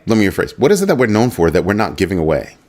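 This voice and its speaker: Deep-voiced man musing through rhetorical questions. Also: very animated, rapid-fire, a little mellow. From United States. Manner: musing, asks rhetorical questions, reads chat aloud. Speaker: livestream host. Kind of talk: casual livestream commentary.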